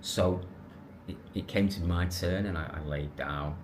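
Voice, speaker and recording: A man tells a story to his camera, lively and rambling, doubling back on his words. His voice sits fairly low. A faint hum of background noise runs under the talk. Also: unhurried. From England. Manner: animated, rambling with restarts and self-corrections. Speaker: vlogger.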